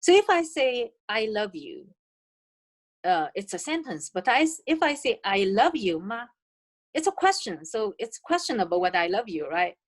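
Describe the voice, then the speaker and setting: A woman's voice: a little high, sing-song, moderate pace. A woman with a Chinese accent, a native Chinese speaker presenting an online language lesson, explaining carefully with many fillers and restarts. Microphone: video call.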